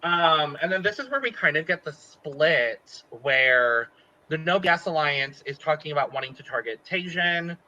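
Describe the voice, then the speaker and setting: A man's voice: fairly high pitch, lively intonation, moderate pace, sharp tone, highs cut off, slight background noise. A man co-hosting a podcast, recapping a reality show in a playful, jokey casual chat. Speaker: podcast co-host.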